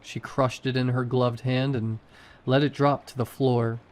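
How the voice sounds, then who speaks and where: A man reading a horror story aloud in a slow, measured way. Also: mid-range voice, level tone. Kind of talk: scripted horror narration.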